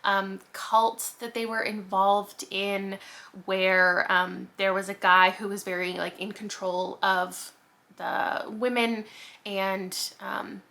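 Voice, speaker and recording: A woman's voice: medium pitch, little pitch movement, takes it slowly, creaky, pushed and bright. A woman host chatting casually through a book haul, rambling and self-mocking. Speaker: booktuber host.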